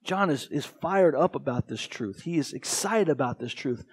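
A man's voice: fairly high pitch, animated, normal speed, breathy edge. A man with an American accent preaching a sermon as pastor, earnest and emphatic. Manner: earnest, emphatic, with dramatic quoted voices.

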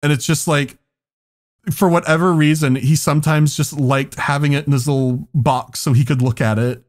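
A man's voice: a little high, fairly even intonation, normal speed. A man hosting a podcast, telling a story in casual chat, laughing often and swearing freely. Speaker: podcast host.

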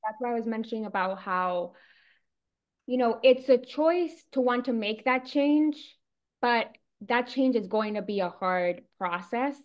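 A woman hosting a chat, speaking admiringly and encouragingly. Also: fairly high pitch. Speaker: host. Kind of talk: casual chat. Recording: dull lo-fi audio.

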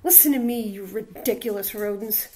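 A woman's voice: mid-range voice, normal speed, background noise, lightly acted. A woman growling as a mean bossy prairie dog.

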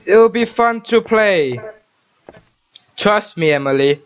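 A man's voice: high-pitched, expressive, takes it slowly, smooth, lo-fi sound. A man hosting a horror let's-play, jumpy and swearing as he talks to the game character. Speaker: gaming channel host.

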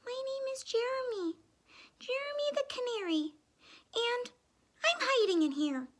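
A woman voicing a tiny, timid young canary in a small, squeaky voice. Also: lively intonation, unhurried.

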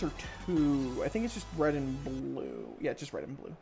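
A woman streaming a party game, giving excited play-by-play and yelling at every win and fall. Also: very deep voice, moderate pace, vocal fry. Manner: excitable, shrieks and yells at wins and falls. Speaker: gaming streamer. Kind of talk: excited let's-play commentary. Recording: game music behind the voice.

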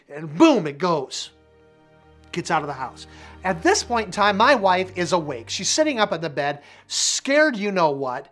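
A man's voice: sits high, animated, moderate pace, fairly bright tone, soft background music. A middle-aged man, a minister, sharing a personal testimony with vivid, emphatic repetition.

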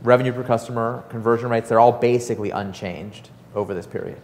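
A man talks fast and loose to an audience, with many fillers and quick asides. His voice sits at a middle pitch. Sound rings with a long hall reverb. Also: a little hiss or hum. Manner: fast, animated, filler-heavy storytelling with acted-out quotes. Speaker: startup author and speaker. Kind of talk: casual talk before an audience.

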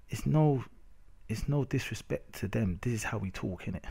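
A man's voice: fairly low pitch, moderate pace, a little mellow, breathy edge. A young man with a London accent, ranting casually over game footage with lots of slang and repeated "innit". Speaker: gamer narrating match footage. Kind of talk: casual rant over gameplay video.

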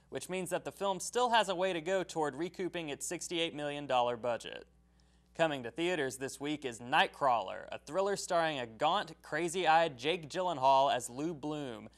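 A man reads the weekly movie news from a script, upbeat and brisk like a studio presenter. His voice sits a little high for a man. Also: fairly bright tone. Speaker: entertainment reporter.

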